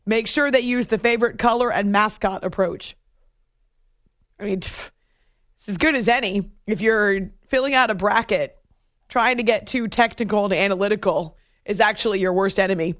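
A woman's voice: medium pitch, normal speed, a bit bright, no room sound. A woman from New Hampshire hosting a sports radio show, chatting casually, laughing often and reading out listener messages. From New Hampshire, USA. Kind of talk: casual late-night radio chat. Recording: dry studio mic.

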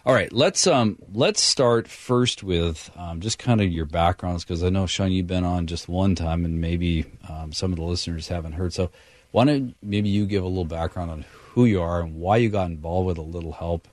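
A man's voice: low voice, moderate pace, no room sound. A man hosting a radio talk show in a casual, folksy way, with many fillers and direct address to listeners.

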